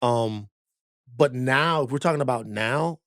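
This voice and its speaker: A man co-hosting a podcast, chatting about a film in an animated way, laughing easily and tripping over words when excited. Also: medium pitch, measured pace, no room sound, studio quality. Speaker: podcast co-host. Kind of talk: casual film discussion. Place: podcast studio.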